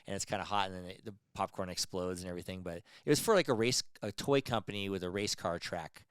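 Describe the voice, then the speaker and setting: Middle-aged guy rattling off stories fast, laughing a lot, doing little voices for people, dry close sound. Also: low-pitched, smooth, dry recording. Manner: animated, laughs often, acts out quotes. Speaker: podcast co-host. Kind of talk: casual storytelling chat.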